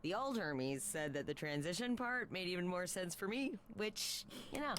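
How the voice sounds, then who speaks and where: An actress voicing a breezy, upbeat young god of messengers in a video game, talking casually with nervous fillers. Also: female voice, fairly low pitch, lively intonation, moderate pace, a bit bright, slight background noise.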